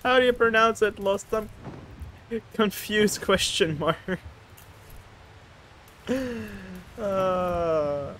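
A man's voice: high-pitched, fairly even intonation, drawn-out words, pauses often, bright, forceful tone, a little hiss or hum. A man streaming a video game with casual commentary, giggling often and poking fun at himself. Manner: giggly and self-mocking, laughs often.

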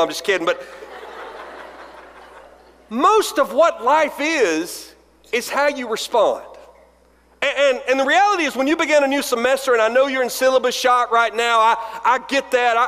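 Very high-pitched and fairly bright, the voice belongs to an Alabama pastor in his forties telling humorous stories about himself in a chapel sermon and acting out the exchanges. The large chapel hall gives a long reverb.

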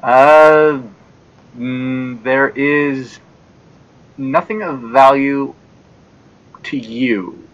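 A man's voice: extremely slow, pauses often, dull audio. An Australian man running a tabletop game as dungeon master, narrating scenes vividly over an online call. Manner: vivid descriptive narration, lively pitch.

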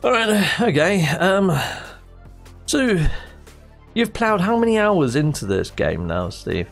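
A man's voice: high-pitched, very animated, slow pace, vocal fry, faint music behind, pitched above the performer's own voice, heavily acted. A man voicing a skeptical interviewer who asks dry, doubtful questions. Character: skeptical male interviewer quizzing a gamer.

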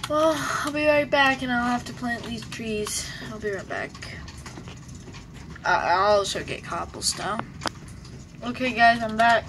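A woman's voice: on the high side, unhurried, background noise. A young woman giving casual, rambling gameplay commentary, joking and talking to herself while she plays. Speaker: gamer.

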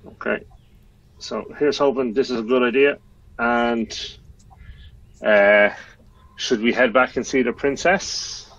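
A man playing in a tabletop game, speaking hesitantly and politely with pauses. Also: mid-range voice, steady tone, fairly bright tone, muffled recording. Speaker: player. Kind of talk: casual tabletop play.

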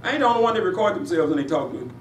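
A man preaching a sermon in a church, with emphatic call-and-response delivery that rises in pitch on his punchlines. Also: very animated, racing, distant mic. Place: church sanctuary. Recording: echoey church room, voice from afar, faint hiss.

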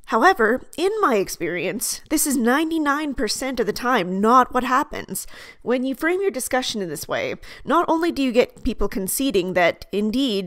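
A woman hosting her own video essay, reading a measured, articulate scripted commentary. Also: fairly high pitch, big pitch swings, no room sound, clean studio sound.

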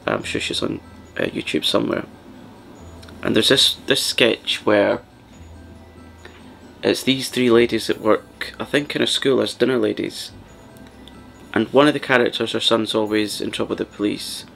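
A man hosting a soft-spoken ASMR chat, rambling and partly whispering as he talks. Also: fairly low pitch, expressive, moderate pace, vocal fry, long pauses, soft background music. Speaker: ASMR channel host.

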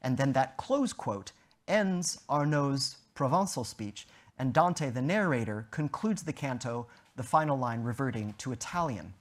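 A man giving an academic lecture, in a measured, deliberate way with emphatic stresses and a slightly husky voice. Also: medium pitch, lively intonation.

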